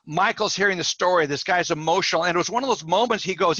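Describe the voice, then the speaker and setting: Bright-voiced man telling animated stories. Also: high voice, fairly quick, few pauses, no room sound, lo-fi sound. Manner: animated storyteller acting out quoted dialogue. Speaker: podcast guest, mortgage industry coach. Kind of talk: storytelling in a podcast interview.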